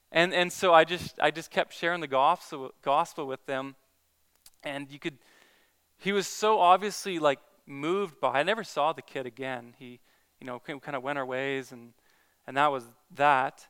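A man's voice: fairly high pitch, normal speed, a bit bright, smooth. A man who is a Christian evangelist, earnestly telling a story in a casual talk, with many restarts.

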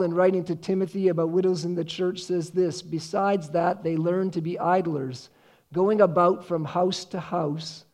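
A man preaching a sermon, earnest, slowing down to read scripture with emphasis. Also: high voice, darkish tone. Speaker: pastor.

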